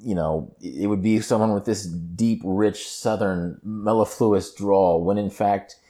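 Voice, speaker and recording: A man hosting an interview for his listeners, talking conversationally with asides and quick rephrasings. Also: on the low side, fairly even intonation, warm tone. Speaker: radio host.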